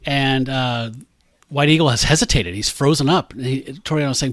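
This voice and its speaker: A man with a middle-pitched voice recapping a comic on a podcast, reading the captions aloud with deadpan, dry humor. The sound is close and dry, with no room echo. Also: moderate pace. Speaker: podcast co-host. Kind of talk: casual comic book review chat.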